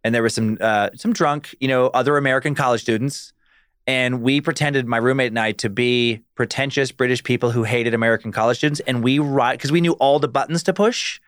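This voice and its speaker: A man's voice: medium pitch, fairly quick, no room sound, clean studio sound. A man from Idaho, a podcast guest in casual chat, telling stories and acting out quoted lines. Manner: animated storyteller who acts out quotes.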